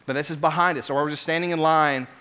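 A man preaching a sermon, telling a story with lively swings between quiet asides and loud exclamations. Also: fairly high pitch, quick pace, clear, resonant tone. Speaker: pastor.

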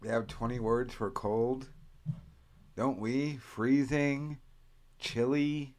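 A man's voice: medium pitch, fairly even intonation, takes it slowly, darkish tone. A man from the United States hosting a casual podcast, rambling and profane, often slipping into mock accents as he riffs. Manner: profane, rambling, mimics accents mid-story. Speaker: podcast host. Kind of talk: casual crude podcast banter.

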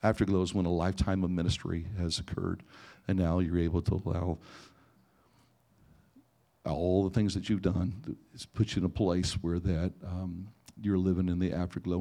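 Man preaching, storytelling sermon, lowish voice, repeats words as he goes. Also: flat delivery, normal speed, creaky, warm tone. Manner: storytelling, acting out dialogue, frequent restarts. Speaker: pastor. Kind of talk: sermon with personal stories.

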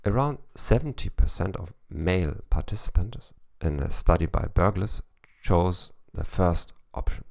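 A man with a German accent hosting a podcast, delivering a scripted monologue in a measured, lecturing way. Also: sits low, expressive, gravelly, a little mellow, no echo. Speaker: podcast host.

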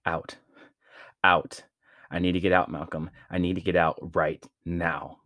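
A man's voice: low voice, little pitch movement, a little slow, fairly bright tone, no echo, clean studio sound. A man voicing a distraught young mother who pleads desperately, in an audiobook-style reading. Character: panicked distraught mother, young adult woman.

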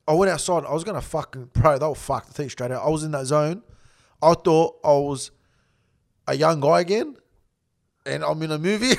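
Fast-talking, profane Australian man. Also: fairly high pitch. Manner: blunt, heavy swearing, animated retelling. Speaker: guest. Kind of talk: profane storytelling on a podcast.

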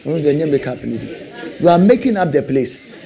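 A man's voice: fairly high pitch, big pitch swings, brisk, gravelly, a crowd in the background. A man preaching a sermon, calling for amens and hammering out repeated questions. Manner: call-and-response, rising to emphatic repeated questions.

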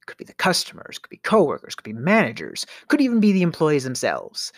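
A man's voice: on the high side, huge pitch swings, fairly quick, dry recording, studio quality. A middle-aged man hosting a podcast, telling a storytelling rant in a theatrical way, with sighs, stammers and sudden whispers. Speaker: podcast host.

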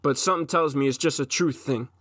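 A man's voice: on the high side, quick pace, a bit bright, dry recording. A man in his twenties gives an intense, profane solo monologue as a podcast host, often restarting his sentences.

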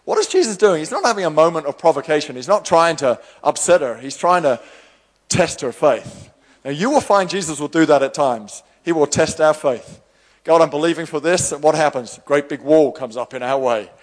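A man preaching a sermon, animated, acting out the voices of the people he quotes. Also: on the high side, big-room sound. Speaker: pastor.

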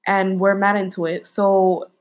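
A woman's voice: medium pitch, flat delivery, a little slow, low-quality recording. A young woman co-hosting a casual chat, telling a frank story in slangy talk full of fillers.

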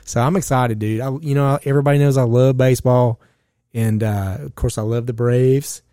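A man hosting a casual podcast, laid-back and chatty, getting excited about baseball. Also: mid-range voice, normal speed, clear, resonant tone, no room sound, clean studio sound. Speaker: podcast host.

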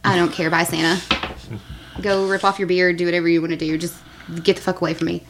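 A woman's voice: lowish voice, level tone, fast, noisy background. A woman playing an improvised tabletop game, blunt and demanding. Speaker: player. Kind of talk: improvised role-play.

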